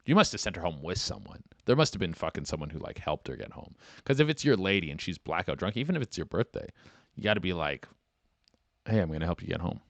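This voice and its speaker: A man's voice: deep voice, big pitch swings, quick pace, no room sound. A man hosting a comedy podcast, reading listener write-ins aloud and riffing crudely on them, acting out both sides of the scenes he describes. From Canada. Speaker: podcast host.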